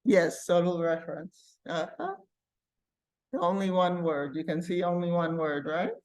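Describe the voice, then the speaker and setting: A woman teaching a live computer class, talking slowly and patiently as she demonstrates each step. She thinks aloud while she clicks and stops to check with her students. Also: fairly low pitch, darkish tone.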